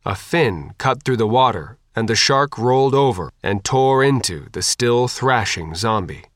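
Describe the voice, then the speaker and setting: A man narrating an action audiobook in a measured, even way. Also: medium pitch, no room sound, clean studio sound.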